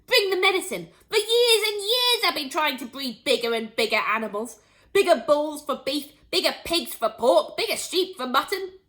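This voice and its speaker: A woman doing a blustering, shouting farmer dad. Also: on the low side, normal speed, few pauses, pitched below the performer's own voice, close to an everyday voice. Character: loud blustering farmer father.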